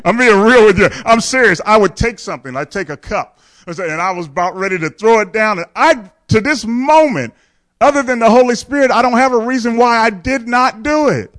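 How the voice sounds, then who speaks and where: A man's voice: extremely high pitch, animated, brisk, a bit bright. A man, a pastor, telling a candid, humorous personal story in a sermon, often chuckling and speaking directly to his congregation.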